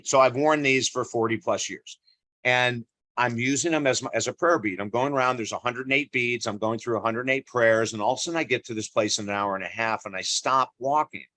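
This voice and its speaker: A man in his sixties telling a personal story in an interview, animated and chuckling often. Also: medium pitch, fairly quick, no echo, poor audio. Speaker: interview guest, counselor.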